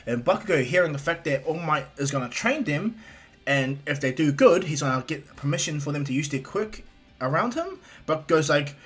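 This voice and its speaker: A man's voice: a little high, animated, fairly quick, fairly bright tone, breathy edge. A man casually retelling a fan story, rambling with fillers and restarts.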